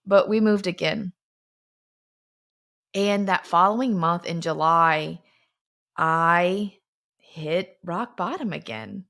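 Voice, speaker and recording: A woman's voice: lowish voice, expressive, slow, long pauses, a bit bright. A middle-aged woman earnestly telling a personal story, as the founder of a fitness brand.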